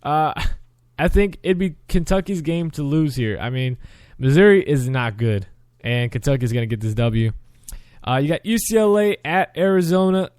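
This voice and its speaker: A young man hosts a sports show and works through his weekly picks in a loose, chatty way, stumbling and correcting himself as he goes. His voice sits a little high and comes through smooth. The sound is close and dry. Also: lively intonation, moderate pace, a little mellow, no room sound. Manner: chatty, self-correcting, frequent restarts. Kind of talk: casual sports picks commentary.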